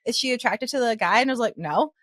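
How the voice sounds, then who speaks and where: A woman's voice: a little high, animated, fast talker, a bit bright, no echo, studio quality. A young woman co-hosting a podcast in casual chat, teasing her friend, laughing and acting out what others said. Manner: teasing, laughs often, acts out quotes. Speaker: podcast co-host.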